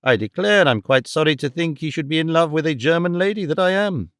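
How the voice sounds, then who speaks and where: A man's voice: fairly high pitch, expressive, brisk, fairly bright tone, clear, resonant tone, no room sound, clean studio sound. A man doing a fussy, rambling old mother. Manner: emphatic, scatterbrained, exclaiming.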